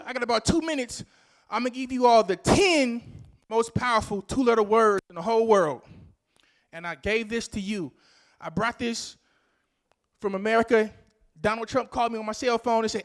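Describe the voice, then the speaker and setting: A man with a strikingly high voice delivers a rousing motivational speech to a live conference audience. He calls out questions to the crowd and hammers his key phrases again and again. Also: moderate pace, pauses often. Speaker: conference speaker.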